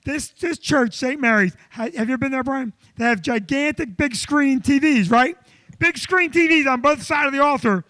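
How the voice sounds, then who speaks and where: Casting: high-pitched, sharp-toned male comic storyteller, animated and loud. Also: normal speed, no echo. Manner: animated, loud, acts out quotes. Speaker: comedian co-host.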